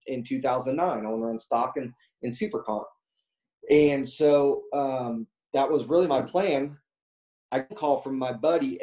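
Mellow-voiced man telling a rambling story. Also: mid-range voice, low-quality recording. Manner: rambling, many fillers, acts out quoted dialogue. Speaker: guest telling a racing story. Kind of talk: casual storytelling.

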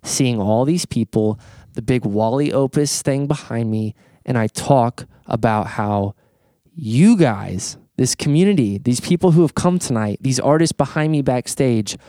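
A man hosting a casual podcast conversation, telling an animated story, swearing freely and stumbling over repeated words as he talks. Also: mid-range voice, a little slow, dry recording, studio quality. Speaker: podcast host.

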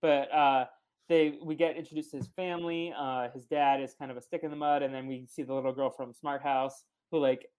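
A man with a mid-range voice talks as a guest on a podcast. He retells scenes in a relaxed way, with plenty of fillers. His speech is loose and conversational. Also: medium pitch, brisk, smooth. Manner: recaps plot with many fillers, relaxed. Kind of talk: casual chat.

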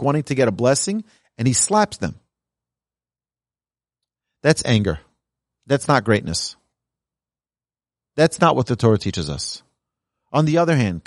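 A man's voice: medium pitch, no echo, studio quality. A man, a rabbi, teaching a Talmud class in an earnest, emphatic way. He reads lines from the source text and then explains them in plain speech.

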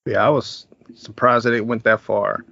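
A man's voice: fairly low pitch, level tone, moderate pace, gravelly, sharp tone, dry recording, highs cut off. A man hosting a podcast, giving a laid-back, chuckling movie review and recapping the plot. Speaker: podcast host.

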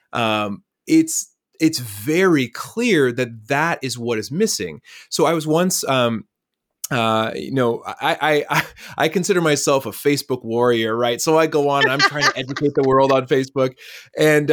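A man speaking as a podcast guest, telling stories in a lively conversational way and acting out the dialogue. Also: medium pitch. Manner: lively storyteller who acts out dialogue. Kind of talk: conversational storytelling.

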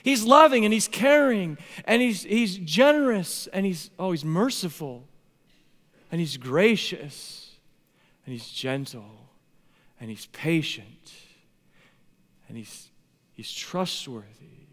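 A man preaching a sermon as pastor, telling stories with big swings between loud excitement and hushed, quiet moments. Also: high-pitched, slow, pauses often. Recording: long hall reverb.

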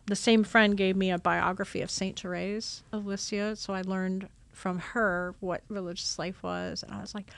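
A religious sister telling her vocation story in a casual, animated way, acting out old conversations. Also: medium pitch, moderate pace, hardly any pauses. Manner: animated, acts out her own past dialogue with laughs.

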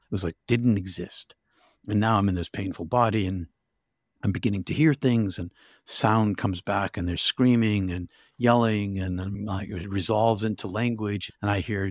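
An older man, an interview guest, telling his story in a vivid, halting way with restarts. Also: on the low side, steady tone, no room sound, studio quality. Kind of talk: emotional storytelling.

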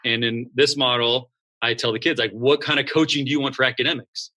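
The speaker founded a school and is being interviewed in an easygoing way. His voice sits at a medium pitch, and he briefly voices students and coaches as he talks.

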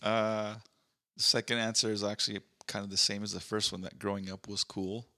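Gravelly, sharp-voiced man reading posts. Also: fairly low pitch, flat delivery, fairly quick. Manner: reads listener posts aloud, short agreeing replies. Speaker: podcast co-host reading questions. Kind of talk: casual chat.

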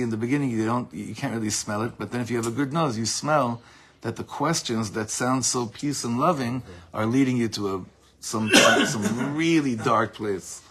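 A man giving an informal Torah class, telling stories with animated delivery. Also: lowish voice, breathy edge. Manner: animated storytelling, acts out shouted quotes. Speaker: Torah teacher.

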